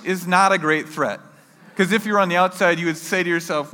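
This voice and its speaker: Male preacher, animated storyteller, bright edge, big hall echo. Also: high-pitched, brisk. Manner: animated storyteller acting out his own yells. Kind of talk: sermon storytelling.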